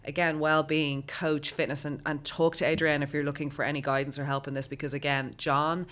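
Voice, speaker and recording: A woman hosts a relaxed podcast conversation, her voice sitting low for a woman. She talks in chatty, loose, rambling bursts, like she's catching up with a friend. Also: brisk. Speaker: podcast host. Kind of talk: casual interview chat.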